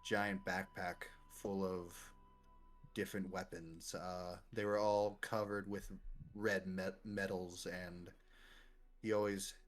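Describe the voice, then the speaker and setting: A man's voice: deep voice, flat delivery, slow, faint music behind. A man voicing a male librarian in a tabletop game, talking in an offhand, rambling way.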